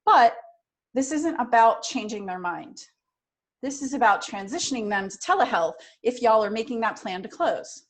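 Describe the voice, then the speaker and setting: Energetic woman coaching office staff. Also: a little high, normal speed. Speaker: front office trainer. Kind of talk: training talk.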